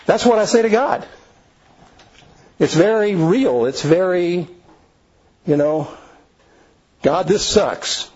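A pastor preaches in a relaxed, conversational way, stopping to restart his thoughts and asking the congregation questions. His voice is a bit husky and sits slightly high for a man. The recording sounds a little dull and lo-fi. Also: takes it slowly, pauses often. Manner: folksy, earnest, frequent restarts and "you know". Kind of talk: conversational sermon.

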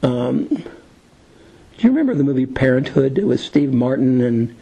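Gravelly, husky man teaching a Bible lesson. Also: mid-range voice, big pitch swings, normal speed, mellow, highs cut off. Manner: conversational, rambling, many fillers; retells film scenes as illustrations.

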